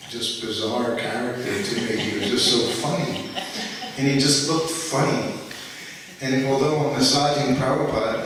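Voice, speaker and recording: A man's voice: medium pitch, fairly bright tone, a little hiss or hum. A man casually telling a long anecdote to an audience, rambling with lots of "you know" and laughing along as he goes. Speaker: storyteller recounting memories at a festival. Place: large indoor festival hall. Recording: roomy hall, voice from far off.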